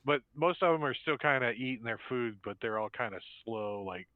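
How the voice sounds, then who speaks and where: A man's voice: mid-range voice, expressive, normal speed, dry recording. A man running an online tabletop game as game master, narrating in a loose, rambling way with fillers. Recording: tinny dry phone-like line.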